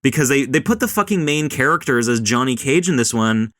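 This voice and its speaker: A man's voice: medium pitch, expressive, brisk, fairly bright tone, dry recording, studio quality. A man hosting a casual film and culture podcast, rambling and swearing as he talks. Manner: rambling, swears a lot, mimics voices. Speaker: podcast host. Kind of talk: casual chat.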